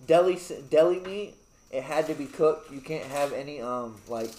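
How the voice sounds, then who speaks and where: A young man talks in loose, rambling casual chat, peppering his story with swearing and filler words. His voice sits a little high, and it bounces around an echoey room. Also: lively intonation, moderate pace, warm tone, a little hiss or hum. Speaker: new father.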